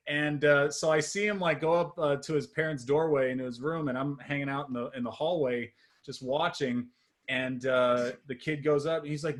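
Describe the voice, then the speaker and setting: A young man doing a stand-up set, telling long self-deprecating stories with lots of fillers, and jumping higher and louder at his punchlines. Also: moderate pace. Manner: rambling, self-deprecating storytelling with many fillers; swings high and loud at punchlines, laughing at his own jokes. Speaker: stand-up comedian. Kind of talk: stand-up set on a live stream.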